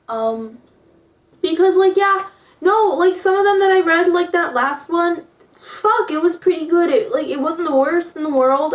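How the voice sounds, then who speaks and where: High-voiced snarky young woman. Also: a little mellow. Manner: profane, snarky asides. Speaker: video creator reading fanfiction. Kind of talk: casual reading with commentary.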